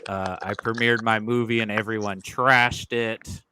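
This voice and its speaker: A man's voice: on the low side, fairly even intonation, unhurried. A man talking casually and eagerly about a film soundtrack on a podcast. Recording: faint background noise.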